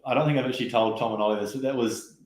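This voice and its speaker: A man telling stories casually in an interview, relaxed and chatty, with lots of fillers and quoted asides. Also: mid-range voice, racing. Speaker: guest rower. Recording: roomy echo.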